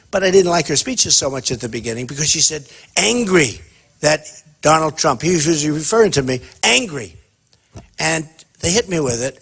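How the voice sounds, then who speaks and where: A husky-voiced man with a somewhat high pitch, holding forth at a campaign town hall. He talks off the cuff and boasts freely. He wanders from point to point and keeps circling back to the same phrases. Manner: boastful, rambling, repeats himself. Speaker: political candidate at a town hall.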